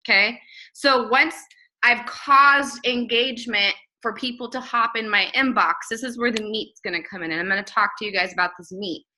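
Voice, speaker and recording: A woman's voice: a little high, moderate pace, bright, forceful tone, low-quality recording. A young woman giving a blunt, emphatic live training talk to her viewers, repeating phrases for emphasis. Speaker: network marketing trainer.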